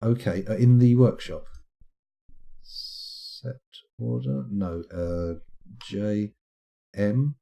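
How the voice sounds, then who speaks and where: A middle-aged British man talks through his game live on stream, rambling and poking fun at himself as he goes. His voice sits a little low, with a dark, mellow and slightly husky tone. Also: drawn-out words, long pauses. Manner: rambling, self-deprecating, chatty.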